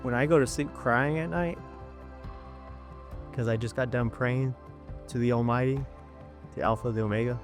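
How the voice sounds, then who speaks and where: A man giving a personal faith testimony, earnest and storytelling, acting out the voices of people he quotes. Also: medium pitch. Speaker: testimony speaker.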